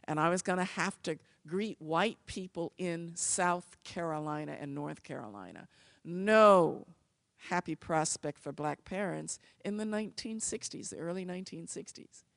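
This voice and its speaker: Woman, from the United States, expressive storyteller, gravelly, dry sound. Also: lowish voice, normal speed, no echo. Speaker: speaker. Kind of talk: personal storytelling talk.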